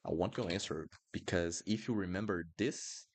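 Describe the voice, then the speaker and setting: A man teaching a live online lesson, drilling sounds slowly and asking viewers questions. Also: sits low. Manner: lively and encouraging, drills sounds slowly, asks the chat questions. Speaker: Portuguese teacher.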